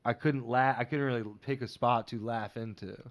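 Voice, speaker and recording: A man's voice: medium pitch, fairly even intonation, moderate pace. A man who is a stand-up comedian, chatting as a podcast guest and telling rambling, jokey stories full of fillers. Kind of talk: casual podcast chat.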